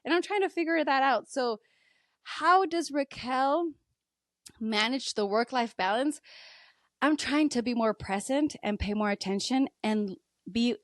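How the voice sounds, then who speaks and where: She is unhurried yet animated, a woman in her thirties opening up emotionally as a podcast guest. Frequent laughter punctuates the candid talk, and she quotes herself in a raised voice, all captured dry at studio quality.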